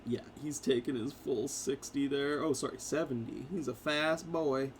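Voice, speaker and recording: A man narrating a tabletop game as game master, in a casual, halting way with fillers. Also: medium pitch, fairly even intonation, a little hiss or hum.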